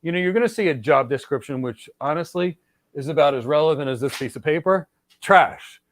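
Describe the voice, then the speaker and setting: A man's voice: on the high side, expressive, fairly quick. Emphatic middle-aged man giving advice. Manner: emphatic, repetitive, lecturing with direct address. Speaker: podcast host and cloud architecture mentor. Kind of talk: energetic advice talk.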